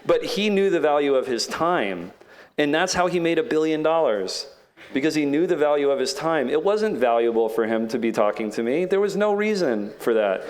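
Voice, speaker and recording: A man's voice: fairly high pitch, lively intonation, moderate pace. Chatty man telling a story. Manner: chatty, many "like" fillers, acts out others' lines. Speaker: panelist. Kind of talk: casual storytelling on a panel.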